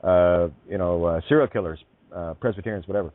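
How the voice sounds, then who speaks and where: A man's voice: low-pitched, quick pace, no echo. A man hosting a casual radio chat, rambling and musing, often dropping into mock accents. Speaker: host. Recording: dry tinny phone-like line.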